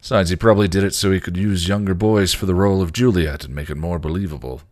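A man voicing a dry, teasing, bookish vampire in a low gruff drawl while reading a story aloud. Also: quick pace, a little mellow, dry recording, close to an everyday voice.

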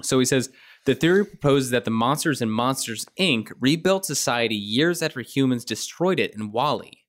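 Male podcast co-host, middle pitch, casual and jokey, reads aloud. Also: lively intonation, moderate pace. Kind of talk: casual chat.

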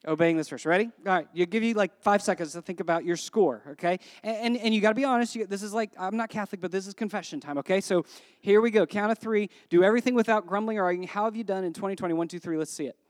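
A woman pastor giving a sermon in a conversational, joking way, full of rhetorical questions and dropping to a hush on scripture. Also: mid-range voice, quick pace, dry recording, clean studio sound.

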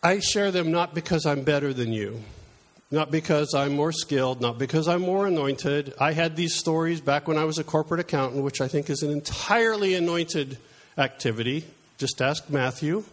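A middle-aged man delivers a conversational sermon, slipping into personal stories with a chatty, self-deprecating manner. His voice sits a little higher than most men's, and he talks like he's chatting across a table rather than preaching from a pulpit. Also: moderate pace.

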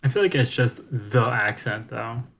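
A man's voice: mid-range voice, lively intonation, normal speed, gravelly, fairly bright tone. Man in his twenties with a Bakersfield accent. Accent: Bakersfield, California. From Bakersfield, California. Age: 20s. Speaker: podcast co-host. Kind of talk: casual chat.

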